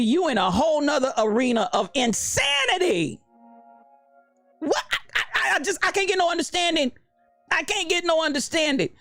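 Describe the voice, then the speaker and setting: A woman hosting a livestream, ranting about church folk in a fired-up, preachy way, repeating her phrases. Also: high-pitched. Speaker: host. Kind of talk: livestream commentary rant.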